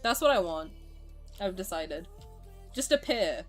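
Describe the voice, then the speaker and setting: A woman streamer casually chatting with her viewers and reacting to their comments. She is excitable, swears freely and laughs often. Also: fairly low pitch, unhurried, soft background music.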